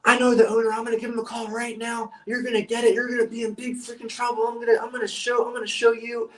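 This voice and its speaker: A man's voice: very high voice, completely flat delivery, quick pace, a bit bright, far from the mic, voice pushed up, poor audio. A man voicing a furious, entitled fifty-year-old restaurant guest who screams threats.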